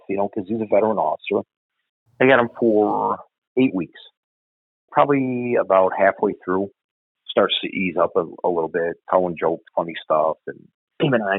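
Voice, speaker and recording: A low-pitched man's voice with vocal fry and a breathy edge, recorded dry over a tinny phone line. He's a former Chicago police officer telling blunt, profane stories in casual conversation, animated throughout.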